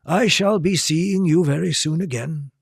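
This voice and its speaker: A man doing Dumbledore, gentle old wizard. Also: on the high side, unhurried, gravelly, slightly rough, no echo, clean studio sound, voice pushed up, full character voice. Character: kindly ancient wizard headmaster, whimsical.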